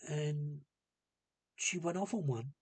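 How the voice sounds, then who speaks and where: A man talking casually to camera in a hesitant, rambling and subdued way, with a gravelly, husky voice. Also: fairly high pitch, slow pace, darkish tone, no echo. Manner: hesitant and rambling, many ums. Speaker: vlogger. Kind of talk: casual personal monologue.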